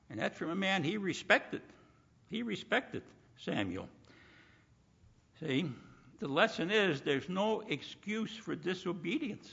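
A man's voice: fairly high pitch, animated, takes it slowly, vocal fry, fairly bright tone, breathy edge. A man preaching a sermon in an emphatic way, repeating "you see" and acting out the people he quotes, recorded in a muffled hall with long reverb.

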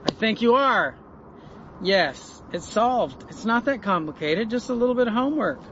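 High-voiced man teaching the Bible informally. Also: animated, moderate pace, a bit bright, muffled recording, slight background noise. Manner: chatty, asks the listener rhetorical questions. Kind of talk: informal Bible study talk.

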